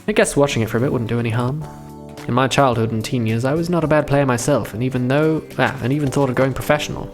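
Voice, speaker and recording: A man's voice: mid-range voice, fast, faint music behind. A young man live-streaming a visual novel, reading the text aloud and breaking off into chatty, profane commentary.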